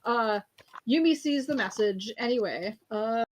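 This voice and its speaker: With lively intonation and a voice that sits a little high, a woman recaps an episode in a loose, rambling manner. She giggles easily and fills her talk with fillers and quick self-corrections.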